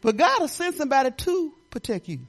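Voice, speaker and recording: An older woman pastor from Detroit giving a folksy, animated sermon, talking straight to the congregation with laughing asides. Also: sits high, fairly quick. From Detroit, Michigan.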